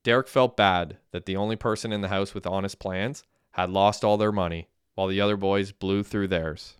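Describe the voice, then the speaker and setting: A man's voice: deep voice, steady tone, normal speed, clean tone, no echo, clean studio sound. A man narrating an audiobook in a plain, matter-of-fact reading. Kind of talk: scripted narration.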